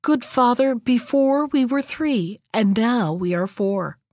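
A woman's voice: a little high, lively intonation, slow pace, darkish tone, no room sound. Storybook youth, earnest and eager, a woman reading it in a dry, close voice. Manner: eager, pleading. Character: earnest kind-hearted young man.

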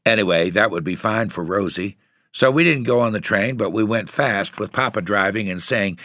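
A man reading a story aloud in steady, even narration. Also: lowish voice, moderate pace, no room sound, clean studio sound. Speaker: audiobook reader. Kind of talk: scripted narration.

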